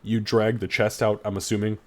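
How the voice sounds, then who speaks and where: A man narrating as game master of a tabletop game, describing scenes quickly with fillers and restarts. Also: fairly low pitch, flat delivery.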